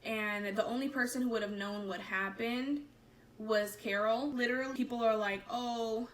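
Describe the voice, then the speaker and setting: A woman telling a painful personal story to camera in a candid, halting and emotional way. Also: fairly high pitch, fairly even intonation, fairly bright tone, far from the mic, a little hiss or hum, low-quality recording.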